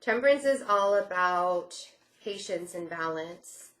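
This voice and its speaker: A woman's voice: on the low side, expressive, unhurried, fairly bright tone. A woman giving a casual tarot reading, reassuring and repeating herself, often saying she feels things. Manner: reassuring, repeats phrases, many "I feel like" fillers. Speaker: tarot reader.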